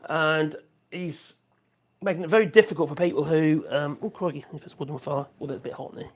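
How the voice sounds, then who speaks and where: A man's voice: a little high, steady tone, quick pace. Chatty man on a home live stream. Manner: rambling, chatty, reacting to viewer comments. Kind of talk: casual live-stream chat. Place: home office room with wood burner.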